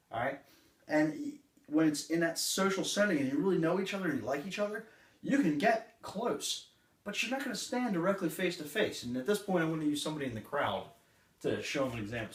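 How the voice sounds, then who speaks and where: A man training a live audience on sales, with a punchy way of talking and short acted customer exchanges. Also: a little high. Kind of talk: live seminar talk. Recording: roomy, distant room recording.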